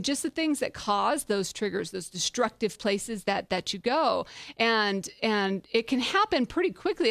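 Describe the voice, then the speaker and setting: Lively woman podcast host, dry sound. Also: medium pitch, no echo. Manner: lively, laughs often, self-deprecating asides. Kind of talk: conversational leadership talk.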